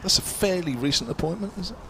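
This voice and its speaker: A man's voice: high voice, lively intonation, fast, bright, forceful tone, slight background noise. A man adding chatty remarks and questions as a cricket co-commentator. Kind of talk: live cricket commentary chat.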